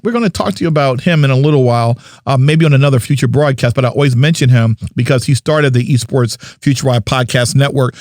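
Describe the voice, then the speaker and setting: A man's voice: on the high side, no echo, clean studio sound. A man from New Jersey hosting a podcast in a playful, chatty manner, hyping up his guests. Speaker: podcast host. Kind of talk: casual podcast chat.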